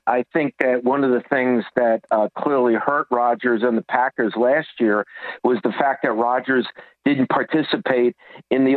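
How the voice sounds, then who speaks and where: A man's voice: mid-range voice, no room sound. Man analyzing football over a phone line. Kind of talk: sports talk radio.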